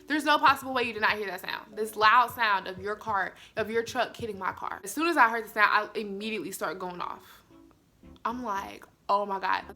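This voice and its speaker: A young woman, telling viewers a story in an animated, chatty way. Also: mid-range voice, fairly quick, faint music behind. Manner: animated, addresses viewers as y'all. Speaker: vlogger. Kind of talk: storytime vlog.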